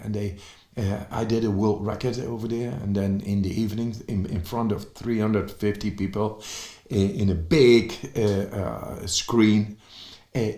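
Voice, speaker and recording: Slow-talking man in an echoey room. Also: on the low side. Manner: excited, halting with fillers and restarts. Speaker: speaker on breathing and cold. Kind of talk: motivational talk.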